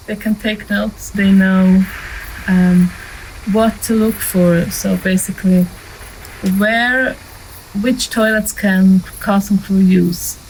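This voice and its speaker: A woman's voice: medium pitch, darkish tone, a little hiss or hum, poor audio. Woman giving practical filmmaking advice. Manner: practical and conversational, with light laughs and filler ums. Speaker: filmmaking instructor. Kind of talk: casual instructional talk to camera.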